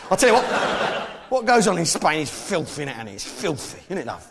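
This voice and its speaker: A man's voice: fairly high pitch, big pitch swings, fast talker. An English man doing a stand-up set, brash and mocking as he banters with the audience. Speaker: stand-up comedian. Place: comedy venue on stage. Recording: live show with loud audience laughter.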